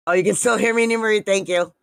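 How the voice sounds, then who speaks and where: A woman's voice: mid-range voice, steady tone, racing, creaky, smooth, dry recording, clean studio sound. A woman hosting a casual livestream chat with viewers, frustrated and swearing, trailing off mid-thought as she talks to the chat. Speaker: livestream host.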